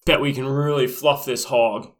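A man's voice: medium pitch, fairly even intonation, normal speed, close to an everyday voice. A man voicing a sleazy, smug male doctor who talks in a leering, pushy way. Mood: smarmy.

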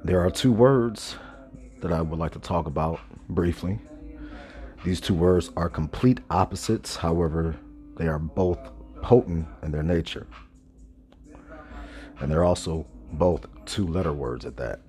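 A man hosting a casual monologue podcast, stoned, talking slowly and loosely with many pauses and self-corrections. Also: low-pitched, mellow. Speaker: podcast host. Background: faint background music.

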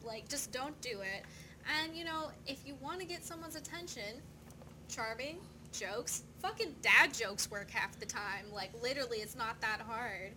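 A woman's voice: a little high, moderate pace, noisy background. A woman co-hosting a podcast, speaking bluntly in casual chat and swearing. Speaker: podcast co-host.

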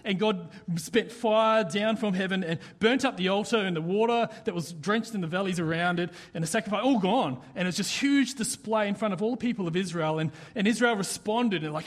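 A young man giving a casual sermon, chatty and halting, with many restarts and fillers. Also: sits high. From Australia. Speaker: pastor.

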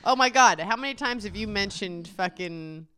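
A woman's voice: medium pitch, animated, moderate pace, pushed and bright. A woman co-hosting a podcast, teasing her husband bluntly and swearing freely as they argue on a close mic. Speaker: podcast co-host. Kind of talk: casual couple chat.

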